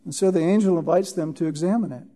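A man preaching an expository sermon, teaching verse by verse, often pausing to ask "Right?" and repeating words for emphasis. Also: on the high side, dark tone. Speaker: pastor.

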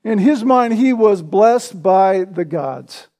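A man's voice: high voice, expressive, slow pace, warm tone. A man preaching an expository sermon in a conversational, storytelling way, often turning to his listeners with rhetorical questions.

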